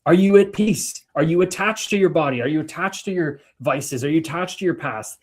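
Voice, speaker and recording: A man co-hosting a livestream, telling spiritual stories in an animated way that swings between loud and soft. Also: a little high, fairly quick. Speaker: livestream co-host. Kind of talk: spiritual casual chat.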